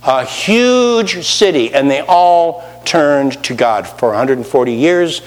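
A man preaching a sermon, animated, with rising emphasis and rhetorical questions. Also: a little high, slow, big-room sound.

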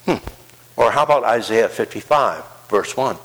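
A pastor delivers his sermon in a church sanctuary, his voice carrying a long hall reverb. He moves between soft, low-pitched asides and climbing, emphatic proclamations. His pitch sits in the ordinary middle range for a man. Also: expressive, normal speed, slightly rough.

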